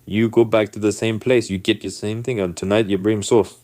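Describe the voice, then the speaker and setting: A man quoting his stubborn father in a voice close to his own, insistent and flat. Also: on the low side, brisk, no echo, lightly acted. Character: stubborn father set on his fries and sauce.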